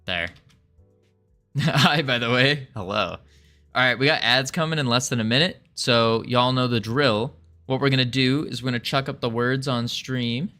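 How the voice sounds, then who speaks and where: A man's voice: mid-range voice, moderate pace, pushed and bright, soft background music. A man live-streaming his game development, muttering through code and joking about himself. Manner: muttering while reading code, self-deprecating. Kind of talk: casual live coding commentary.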